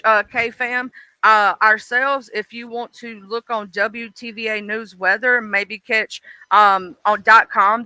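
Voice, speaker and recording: Woman with a Mississippi drawl, folksy and profane, very bright and crisp tone, dry close sound; casual livestream host. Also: a little high, no room sound, low-quality recording. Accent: Mississippi Southern. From Mississippi, US South. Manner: chatty, folksy and profane, laughs often. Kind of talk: casual chat.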